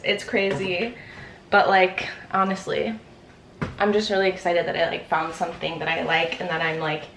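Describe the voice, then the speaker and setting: A woman's voice: on the low side, a bit bright, a little hiss or hum. Breathless chatty young woman vlogging. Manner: chatty, rambling, lots of fillers and laughs. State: out of breath after a workout. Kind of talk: casual vlog chat. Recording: echoey room.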